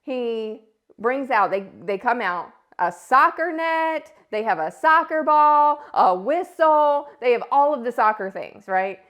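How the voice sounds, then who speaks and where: A woman's voice: fairly high pitch, unhurried, highs cut off. A woman in her thirties, a podcast host telling a story in a casual monologue and acting out the voices she quotes. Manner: animated, acts out quoted voices.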